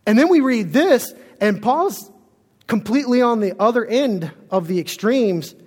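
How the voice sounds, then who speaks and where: High-voiced man preaching in a hall. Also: animated, unhurried, darkish tone. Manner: earnest, storytelling, with restarts. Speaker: pastor. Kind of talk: sermon.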